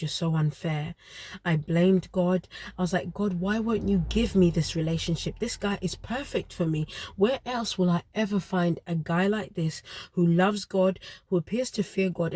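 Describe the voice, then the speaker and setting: A woman's voice: lowish voice, mellow, no echo. Earnest woman telling a personal story. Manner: earnest, emotional retelling with pauses.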